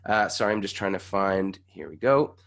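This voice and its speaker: A man coaching a vocal warm-up over a video call, with energetic demonstrations that sometimes get loud. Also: low voice, moderate pace, gravelly. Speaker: pitch coach. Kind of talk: online voice workshop.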